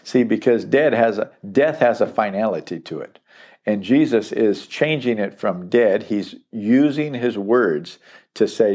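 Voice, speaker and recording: A man's voice: on the low side, animated, unhurried, a little mellow. A middle-aged man teaching through a Bible passage verse by verse, emphatic and repeating key phrases for stress.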